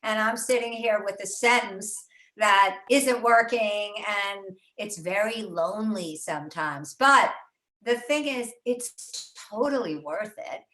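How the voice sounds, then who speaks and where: Older lady author chatting about her writing, bright forceful voice, lots of ums and restarts, echoey home studio. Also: mid-range voice, slow. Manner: chatty, animated, many fillers and restarts. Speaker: author and host. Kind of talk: casual conversation about writing. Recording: roomy echo.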